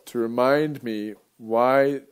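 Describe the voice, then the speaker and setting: A man's voice: medium pitch, steady tone, slow pace, clean tone. A male radio host talking in a casual, rambling monologue, wandering off topic and chuckling often.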